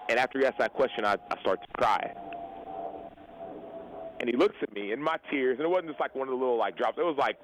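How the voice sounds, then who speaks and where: Young guy telling his story on a radio show, earnest, talks quick, does the voices of people he quotes. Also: mid-range voice, background noise. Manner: earnest, animated retelling with quoted dialogue. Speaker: guest football player. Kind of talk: interview storytelling. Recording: radio show broadcast audio.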